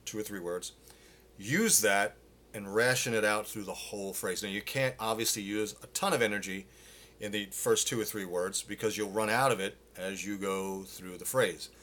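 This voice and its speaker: A middle-aged man teaching a live singing Q&A, explaining casually with lots of fillers and quick demonstrations. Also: fairly low pitch, fairly bright tone. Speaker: vocal coach.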